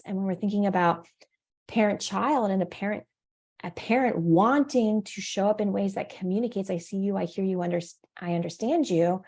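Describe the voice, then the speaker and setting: A woman's voice: mid-range voice, mellow. Chatty woman parent coach laughing along. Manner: reflective, laughs at her own examples, acts out little dialogues in a raised voice. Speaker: parent coach, podcast host. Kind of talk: solo podcast teaching.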